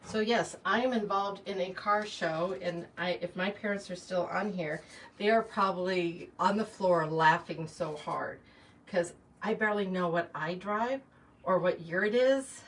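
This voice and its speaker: A woman's voice: lowish voice, measured pace. A middle-aged woman chatting casually while she arranges flowers, rambling with lots of fillers and asides. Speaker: shop owner hosting a live chat. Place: small shop or home workspace, indoors. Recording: distant mic, faint background noise.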